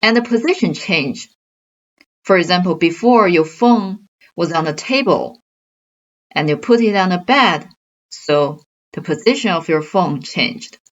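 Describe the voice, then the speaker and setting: Slow-speaking woman teaching grammar. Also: lowish voice, expressive, dull audio. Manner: slow, careful explaining with examples. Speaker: Chinese language teacher. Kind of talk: online grammar lesson.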